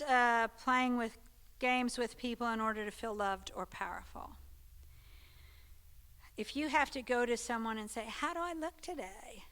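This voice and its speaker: Woman, Sunday school teacher; bright, crisp voice, chatty, keeps checking in with the class. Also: fairly high pitch. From Texas. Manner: conversational, checks in with listeners. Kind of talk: church teaching talk.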